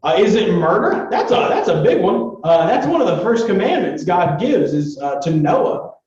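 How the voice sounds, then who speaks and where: Young male Bible teacher, casual and chatty, slightly high voice, dull roomy distant recording. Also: moderate pace. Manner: chatty, filler-heavy, animated retelling.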